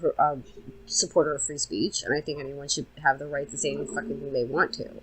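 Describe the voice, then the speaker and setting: A woman's voice: low voice, steady tone, quick pace, a crowd in the background, low-quality recording. A woman co-hosting a podcast in casual chat, blunt and swearing a lot. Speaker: podcast co-host.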